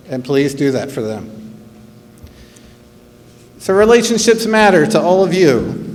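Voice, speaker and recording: Jersey-accented guy in his 50s giving a commencement speech, earnest and measured, bit high voice, long echo in a big hall. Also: darkish tone. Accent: New Jersey. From New Jersey, USA. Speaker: school principal giving graduation speech. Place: large auditorium or arena. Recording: long hall reverb, faint hum.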